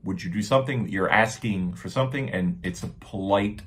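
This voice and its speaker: A man's voice: fairly low pitch, moderate pace, fairly bright tone. A man with an American accent teaching English grammar, patiently explaining and acting out example sentences. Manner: patient, repeats points, acts out example sentences.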